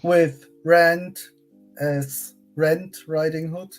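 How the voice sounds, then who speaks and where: A livestream panelist in casual chat, halting and full of fillers. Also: medium pitch, fairly even intonation, soft background music, poor audio.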